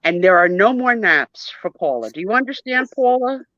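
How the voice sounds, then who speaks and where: Woman putting on a bossy schoolgirl, high, lively pitch, dry lo-fi audio. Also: moderate pace, dry recording. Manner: bossy and gushing, high and emphatic. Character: bossy, doting schoolgirl who orders classmates around.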